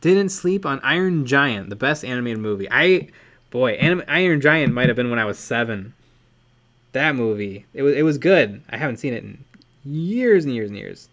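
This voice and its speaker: A man's voice: mid-range voice, expressive, normal speed, fairly bright tone. A man co-hosting a livestream, chatting casually and playfully while reading out viewer comments. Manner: chatty and playful, with frequent fillers. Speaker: livestream co-host.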